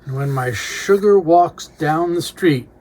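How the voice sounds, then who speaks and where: Casual unboxing commentary, record collector, reads titles aloud, short musing asides, mid pitch. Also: takes it slowly, a little mellow.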